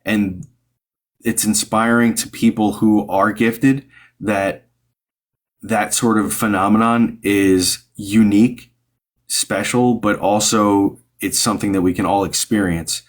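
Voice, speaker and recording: A man's voice: lowish voice, steady tone, slow pace. A man hosting a live stream as a psychic medium, giving rambling, upbeat advice to a caller with many fillers and restarts.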